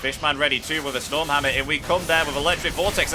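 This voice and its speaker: High-voiced excitable esports caster. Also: male voice, quick pace, background noise. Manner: excitable, builds to shouts at kills. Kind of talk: live game play-by-play commentary.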